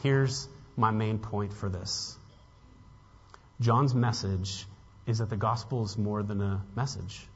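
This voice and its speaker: Husky guy preaching in a big church hall, long echo, kinda dull lo-fi sound, gets real earnest. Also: fairly low pitch, steady tone, takes it slowly. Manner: earnest, building to emphatic peaks; casual asides to the congregation. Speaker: pastor. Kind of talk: sermon.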